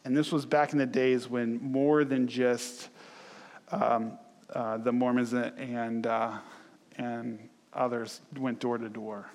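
Conversational pastor in a reverberant hall. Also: male voice, mid-range voice, slow. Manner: conversational, storytelling, animated acted quotes. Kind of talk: sermon.

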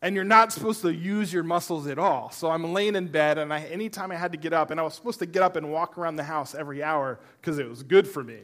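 A middle-aged man, a pastor preaching to a church congregation, telling a personal story with humor and animation, then turning softer and earnest. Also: a little high, quick pace, few pauses. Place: church service before a congregation.

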